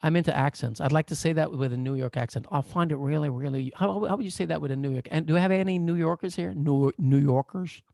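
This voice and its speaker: Gravelly, playful man coaching. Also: fairly high pitch, fast talker, few pauses, no echo, studio quality. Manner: playful, animated, jokey. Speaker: coach and therapist. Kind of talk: online workshop lecture. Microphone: video call.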